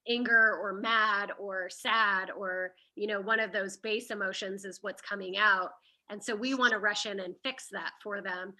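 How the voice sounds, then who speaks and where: Bright-voiced woman hosting a chat. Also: medium pitch, rough recording. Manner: conversational, guiding the topics. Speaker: host. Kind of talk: casual discussion.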